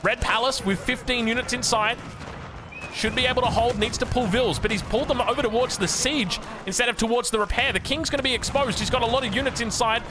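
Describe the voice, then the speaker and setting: A man with an Australian accent casting a strategy game, excitable and chatting to the players, his voice jumping up when surprised. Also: very high-pitched, quick pace, over music. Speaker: game caster.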